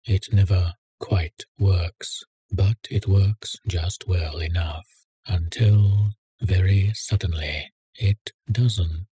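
Very husky, deep male storyteller. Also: steady tone, slow pace, dark tone, dry recording. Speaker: narrator. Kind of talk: scripted story narration.

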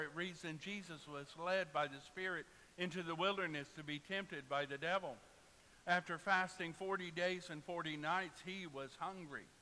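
Telling humorous stories and trading jokes with his congregation, a pastor delivers a sermon in a high-pitched, bright, forceful voice. The recording comes from a reverberant church sanctuary with a faint hiss underneath.

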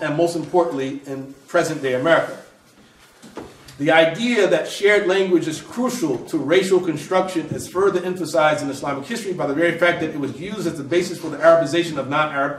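A man reading aloud from his own book, measured, pausing to restart phrases and add asides. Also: on the high side, reverberant, far from the mic, low-quality recording.

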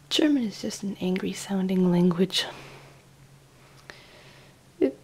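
Slow, husky-fried young woman vlogger. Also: lowish voice, lively intonation. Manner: chatty, rambling, laughs often, lots of "like" and "um". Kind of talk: casual travel storytelling. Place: indoors in Austria.

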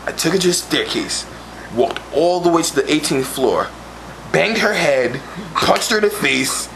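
A man's voice: on the high side, lively intonation, measured pace, gravelly. A man delivering a crude comedic monologue in boastful, swaggering street talk, over a noisy amateur recording. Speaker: comedic storyteller.

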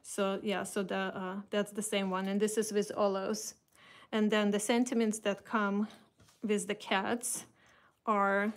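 Russian-accented lady showing off craft stuff, lots of ums, kinda flat tone. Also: mid-range voice, unhurried. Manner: chatty, many fillers and restarts. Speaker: craft company host. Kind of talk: casual product showcase.

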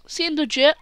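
Woman host for gameplay commentary: high voice, slow delivery, jokey, prone to sudden screams. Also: no room sound. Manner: jokey, bursts into screams and exclamations. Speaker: gaming channel host.

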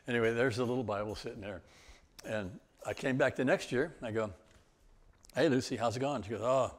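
An older man, a guest speaker, telling travel stories in a loose, rambling way with chuckles and restarts. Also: fairly low pitch. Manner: rambling, with laughs and many restarts. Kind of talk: storytelling talk.

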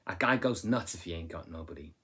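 A man's voice: sits low, animated, fast, sharp tone, slightly rough, exaggerated voice. A man voicing a lonely, bitter middle-aged stable hand, reading his pleading lines aloud from a novel. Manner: pleading, plain read-aloud delivery.

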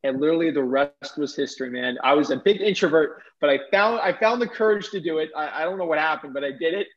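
A young man telling a lively story as an interview guest, with lots of "like" fillers and restarts. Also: on the high side, fast. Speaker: guest real estate wholesaler. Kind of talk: casual storytelling. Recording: dull lo-fi audio.

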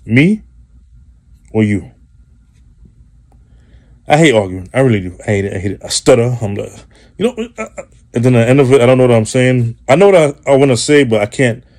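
Male host, comic monologue, mellow tone, swears a lot, rambles and repeats. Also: mid-range voice, expressive, brisk, pauses often. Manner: profane, rambling, repetitive. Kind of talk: comedic monologue.

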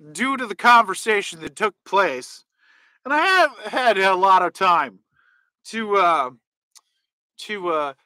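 A man's voice: sits high, pushed and bright, dry recording. A man hosting and answering comments in a rambling, jokey casual chat. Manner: rambling, jokey, goes off on tangents.

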